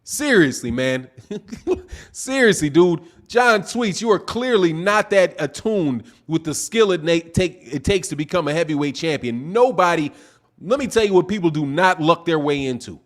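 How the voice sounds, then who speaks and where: A man with a notably high voice hosts a live boxing stream and answers his chat. He argues in a heated, profane, exasperated way and keeps his talk casual and full of slang. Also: lively intonation. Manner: talks fast with casual slang. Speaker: boxing channel host reading live chat.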